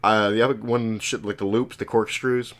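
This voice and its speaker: Podcast co-host, man, deep low voice, easygoing swearing banter. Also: flat delivery, normal speed, fairly bright tone. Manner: laid-back, profane banter. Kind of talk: casual chat.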